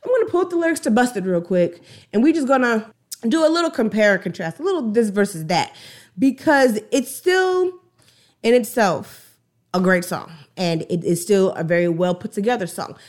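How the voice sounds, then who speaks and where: A woman giving casual, slangy music commentary in an animated way, retelling a song's story. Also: medium pitch, normal speed. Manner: animated, slangy, acts out song dialogue.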